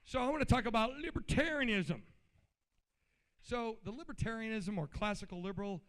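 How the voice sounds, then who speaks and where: A man's voice: high-pitched, fairly quick, fairly bright tone. A man giving an informal, blunt political speech at a convention, riled up and colloquial. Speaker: convention speaker. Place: convention hall.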